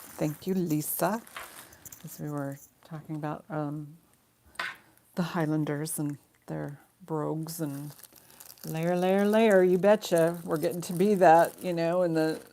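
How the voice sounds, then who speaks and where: Low gravelly-voiced woman hosting a live auction. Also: fairly even intonation, unhurried, mellow, slight background noise. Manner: chatty, rambling, laughs often. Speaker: live jewelry auction host. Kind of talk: casual live-stream selling.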